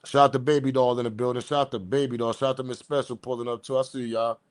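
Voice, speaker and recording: A man hosting a live stream, talking in a casual, rambling and slangy way, reacting to a video and shouting out viewers. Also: mid-range voice, fairly even intonation, fast, no echo. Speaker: host.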